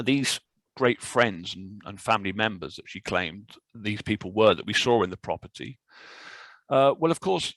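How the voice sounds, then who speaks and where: A man presenting a legal webinar as a barrister, speaking in a measured, explanatory way with frequent fillers, over a video call. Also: medium pitch, vocal fry, fairly bright tone, dry recording, low-quality recording. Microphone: video call microphone.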